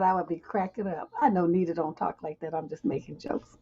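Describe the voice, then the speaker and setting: A woman's voice: lowish voice, steady tone, a little fast, a little mellow, husky, dull audio. A woman hosting a livestream advice show, reading viewer questions aloud and answering them with blunt, joking frankness. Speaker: relationship advice host.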